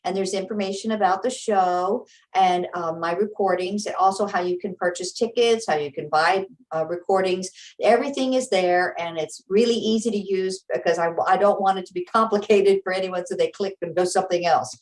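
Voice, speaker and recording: A woman's voice: mid-range voice, fairly quick, few pauses, a little mellow, recorded from a distance, rough recording. A woman opera singer from Texas, talking candidly and practically as a guest in an interview chat. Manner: candid, practical, explains vividly.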